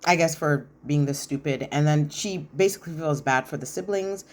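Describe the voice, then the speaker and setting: A woman with a somewhat low voice talks through a reality show episode in casual commentary. She is blunt and opinionated, and she acts out what the people on the show said. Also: normal speed.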